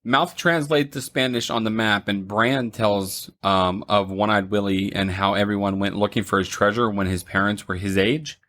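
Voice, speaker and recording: A young man co-hosting a casual movie review podcast, retelling the plot with frequent ums and quick laughs. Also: on the low side, fairly even intonation, a bit bright. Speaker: podcast co-host.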